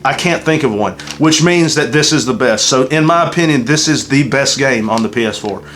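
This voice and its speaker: A Southern US–accented channel host reviews a game in a casual, unscripted chat, rambling emotionally and swearing constantly. His mid-range voice is brisk and a bit bright, with a little hiss or hum in the audio.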